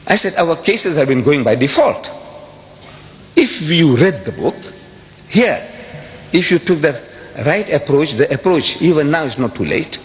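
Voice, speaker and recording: A man giving an impassioned public speech to an audience, emphatic and repeating phrases, with sudden high exclamations. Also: big pitch swings, unhurried, pauses often. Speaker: public speaker addressing an audience. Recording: dull echoey hall recording with faint hiss.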